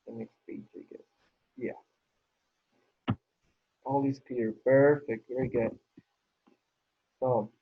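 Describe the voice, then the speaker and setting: A man's voice: mid-range voice, breathy edge. A man teaching an English class online, patiently repeating praise as he works through the exercises. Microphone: video call. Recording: tinny phone-like call audio.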